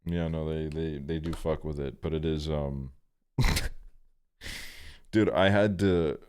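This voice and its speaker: Deep-voiced laid-back rambling young man. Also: fairly even intonation, slow pace, darkish tone, clear, resonant tone. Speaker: streamer. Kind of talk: casual storytelling on stream.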